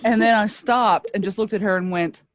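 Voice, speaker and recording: A woman's voice: mid-range voice, moderate pace, dry recording. A woman co-hosting a podcast, telling a story in a casual, self-mocking way and laughing often. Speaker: podcast co-host. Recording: muffled lo-fi dry mic.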